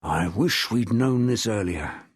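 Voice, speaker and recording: Man doing a gruff middle-aged detective, blunt and husky, audiobook. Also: medium pitch, very animated, moderate pace, dry recording. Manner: blunt, dry, growling. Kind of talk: audiobook character voice.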